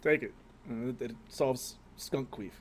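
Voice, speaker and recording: A man's voice: medium pitch, measured pace, crowd noise. A man chatting loosely on a podcast, crude and rambling, his sentences often trailing off before they finish. A murmur of other voices carries behind him. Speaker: podcast co-host. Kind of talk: casual chat.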